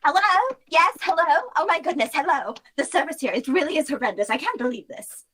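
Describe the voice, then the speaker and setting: A high-strung, entitled customer whose voice leaps up shrill and piercing. She is demanding and indignant, and always sure she is owed service. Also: animated, fairly quick, bright, forceful tone. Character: shrill entitled middle-aged woman customer.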